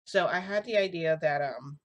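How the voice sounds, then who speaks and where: A young woman with a low-pitched voice recounts a story in a casual vlog. She chats easily and slips into quoting the other people in the story as she goes. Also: moderate pace, lo-fi sound. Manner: chatty, acts out quotes of others in dialogue. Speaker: vlogger telling a reality-shifting story.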